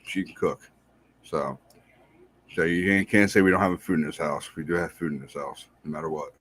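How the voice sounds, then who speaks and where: A married man hosting a podcast, giving casual, rambling shout-outs to listeners and repeating himself in a friendly way. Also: sits low, a little hiss or hum. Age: adult, married. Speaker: podcast host.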